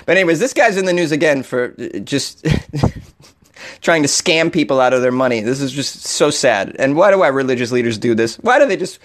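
A man's voice: medium pitch, lively intonation, a little fast. A man hosting an odd-news show, reading stories aloud and riffing on them with sarcastic, profane jokes and frequent laughter.

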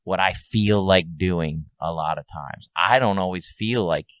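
Casting: man, very deep voice, earnest reflective podcast co-host, dry close mic. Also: measured pace, no room sound. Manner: earnest, reflective, swears casually. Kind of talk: casual chat.

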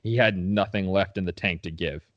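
A man co-hosting a sports podcast, talking in an animated, opinionated way as a fan. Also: low voice, moderate pace, no room sound, lo-fi sound. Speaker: podcast co-host. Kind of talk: casual sports podcast chat.

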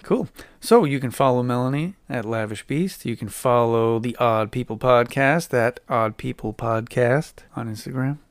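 A man's voice: medium pitch, normal speed, hardly any pauses, no room sound. A man hosting a podcast, chatting casually and joking with his wife. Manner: joking, playful. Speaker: podcast host. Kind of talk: casual chat.

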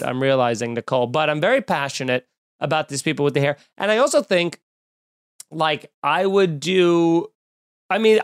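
Exasperated podcast host ranting, dry sound. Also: male voice, on the high side, dry recording. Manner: animated, exasperated ranting with frequent cursing. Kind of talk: casual comedic podcast rant. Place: room at home with windows open.

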